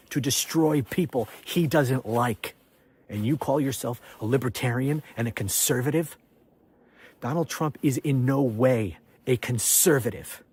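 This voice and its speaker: A man's voice: medium pitch, husky. A man, a political commentator, delivering an angry, accusatory rant with repeated refrains.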